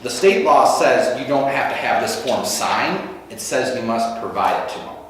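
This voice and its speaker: A man's voice: medium pitch, animated, moderate pace, a bit bright, a little hiss or hum. A man running a real estate training session, walking through forms step by step in a practical, conversational way. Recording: echoey room from far off.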